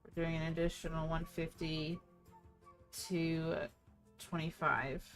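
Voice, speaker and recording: A woman's voice: low-pitched, flat delivery, slow, soft background music. A woman player talking through plans in a casual, hesitant way. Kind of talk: casual game talk.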